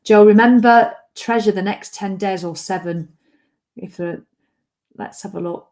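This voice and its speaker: A woman's voice: medium pitch, unhurried. Lady chatting live to her viewers, bubbly and reacting to comments. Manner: chatty, lively, reads out comments. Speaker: livestream host. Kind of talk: casual live chat to viewers.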